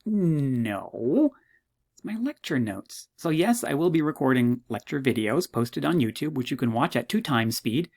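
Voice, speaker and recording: In a recorded walkthrough, a man teaches a university psychology course in a chatty, self-mocking way, tossing in jokey asides. His delivery is quick, casual and animated, and his pitch jumps suddenly whenever something amuses him.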